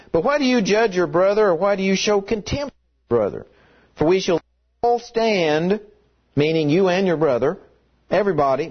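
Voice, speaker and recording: A man's voice: high voice, breathy edge, highs cut off. A man preaching a sermon in an emphatic way, reading scripture and repeating key words for stress. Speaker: pastor.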